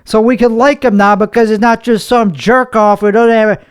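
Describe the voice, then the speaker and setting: A man's voice: high-pitched, fairly even intonation, normal speed, smooth, voice pushed up, lightly acted. A man putting on a sneering, mocking accent. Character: mocking voice of people who now like him.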